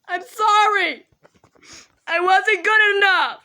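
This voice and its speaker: A teenage girl vlogging an emotional, tearful apology monologue to the camera, rambling and shouting at times. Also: very high voice, steady tone, takes it slowly. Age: teens.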